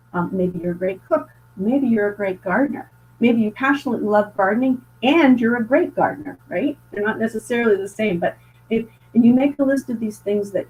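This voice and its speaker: A woman's voice: medium pitch, a little mellow. Earnest woman guest on a muffled call. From Canada. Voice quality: earnest, repeats and restarts words. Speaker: guest author and speaker. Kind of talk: conversational interview storytelling.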